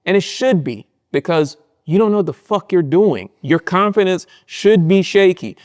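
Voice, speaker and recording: A young man in a casual interview, telling animated stories full of slang and acting out what people said to him. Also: sits high, moderate pace. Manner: animated storytelling, acts out quotes with slang. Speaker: guest, content creator.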